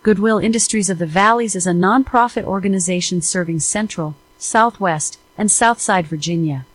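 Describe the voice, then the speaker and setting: Female co-host, mid pitch, formal announcer read of credits, playfully official. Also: moderate pace, poor audio. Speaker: podcast co-host reading credits.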